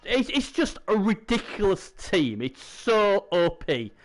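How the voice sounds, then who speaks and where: A man's voice: high voice, big pitch swings, takes it slowly. A man co-hosting a casual gaming league chat, rambling with many fillers and restarts. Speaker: co-host.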